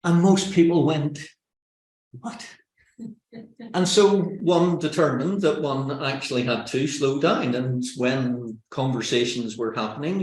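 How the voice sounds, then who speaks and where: A man from Northern Ireland with a Northern Irish accent presents a public speaking webinar in a lively, joking way, full of self-mocking stories. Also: medium pitch. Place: indoors, on a video call. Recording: roomy echo.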